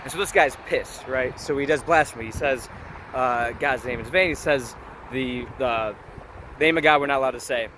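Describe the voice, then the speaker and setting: A man's voice: mid-range voice, moderate pace. A young man in his twenties, talking casually about scripture in a chatty, informal way that keeps checking in with the listener. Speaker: vlogger. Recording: street traffic noise behind.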